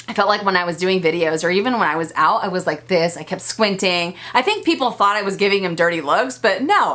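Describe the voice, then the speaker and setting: A woman's voice: medium pitch, brisk, hardly any pauses, bright, forceful tone. A woman in her thirties giving a casual, chatty product review as a vlogger, enthusiastic and full of fillers. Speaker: beauty vlogger.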